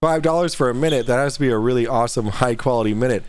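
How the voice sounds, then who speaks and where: A man's voice: medium pitch, very fast. A man hosting a casual livestream talk show, joking, swearing and laughing a lot.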